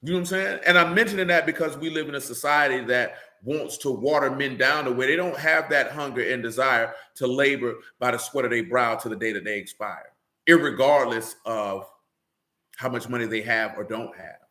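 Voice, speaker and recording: A man's voice: medium pitch, brisk, bright, forceful tone, roomy sound. A man preaching in a blunt, profane street-slang manner, often asking "you know what I'm saying.". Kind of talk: streamed sermon-style rant.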